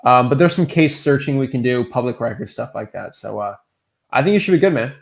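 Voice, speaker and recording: A man's voice: medium pitch, lively intonation, a little fast, vocal fry. A man hosting a casual live coaching Q&A, talking in a loose, rambling, upbeat way with lots of fillers. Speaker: real estate wholesaling coach and host.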